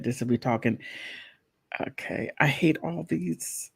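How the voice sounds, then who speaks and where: A woman's voice: a bass voice, measured pace, creaky, darkish tone, slightly rough. A woman hosting her own channel, talking casually while she browses online, thinking aloud with many restarts. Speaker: channel host.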